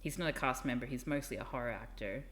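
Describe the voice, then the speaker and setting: A woman's voice: rumbling low, fast, fairly bright tone. A woman streamer chatting casually and rambling with asides. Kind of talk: casual live-stream chat.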